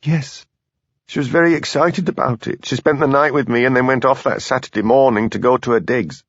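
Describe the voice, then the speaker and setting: A prickly little Yorkshire woman, put on by a male audiobook narrator, clipped and defensive. Her voice sits well above his usual pitch. The recording is dry and slightly dull. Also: brisk, a bit bright, dry recording. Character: small sharp-tongued woman designer.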